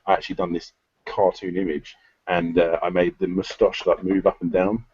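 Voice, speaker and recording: A man's voice: low voice, flat delivery, normal speed, a little mellow, slightly rough, dry recording. A man hosting a casual live-stream chat, talking loosely and swearing now and then. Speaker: show host. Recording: dull lo-fi sound.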